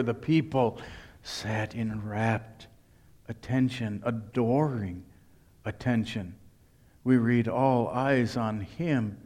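A man preaching a sermon, emphatic and deliberate, now and then voicing what the crowd thinks. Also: mid-range voice, darkish tone. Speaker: pastor.

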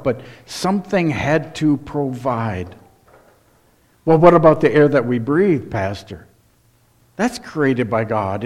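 A man pastor preaching a sermon in church, asking rhetorical questions and reading scripture aloud. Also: mid-range voice.

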